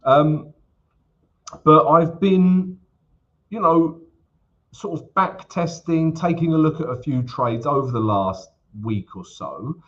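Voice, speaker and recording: A man's voice: a little high, takes it slowly, a bit bright. A man hosting a live trading stream, chatting casually with viewers and filling his talk with ums and asides. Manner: chatty, many fillers, addresses viewers as guys. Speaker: forex trading livestream host. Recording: slightly dull lo-fi stream audio.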